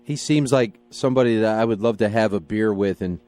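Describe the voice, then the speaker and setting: A man's voice: on the low side, a little fast, darkish tone. A man hosting a radio interview from a studio, asking questions in a friendly, hesitant way. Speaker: radio host.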